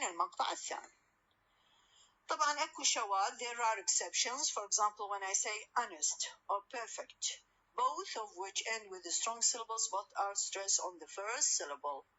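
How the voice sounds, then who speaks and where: Bright-voiced woman lecturing a class. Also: mid-range voice, a little hiss or hum, poor audio. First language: Arabic. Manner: explains patiently, repeats example words, keeps checking with "okay?". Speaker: university lecturer.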